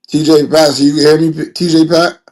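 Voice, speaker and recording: Hoarse guy co-hosting a chill live stream, easygoing, slangy. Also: on the high side, flat delivery, brisk, darkish tone. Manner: easygoing, slangy, short affirmations. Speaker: co-host and coach. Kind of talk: casual livestream chat.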